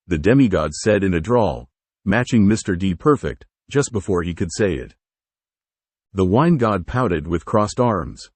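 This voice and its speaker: A man's voice: low-pitched, expressive, normal speed, darkish tone, slightly rough, dry recording. A man narrating a fan fiction story aloud, giving the dialogue varied inflections. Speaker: fanfiction reader.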